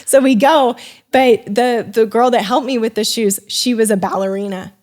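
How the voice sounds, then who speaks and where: A woman's voice: on the high side, normal speed. Young woman on a podcast, chatty and rambly, lots of restarts, does little voices for people in her story. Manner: animated, rambling with many restarts and fillers. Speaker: podcast guest. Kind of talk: casual storytelling.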